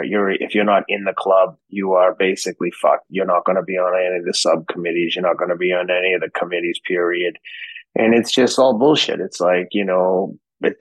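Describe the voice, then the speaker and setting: Deep-voiced Boston man telling stories. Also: brisk, no room sound, rough recording. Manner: profane, animated anecdotes with put-on voices. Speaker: podcast guest. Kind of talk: casual storytelling.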